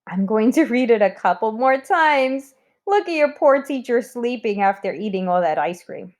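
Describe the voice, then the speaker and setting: A woman's voice: fairly high pitch, expressive, moderate pace, darkish tone. A woman teaching a recorded spelling lesson to children, sounding out words letter by letter.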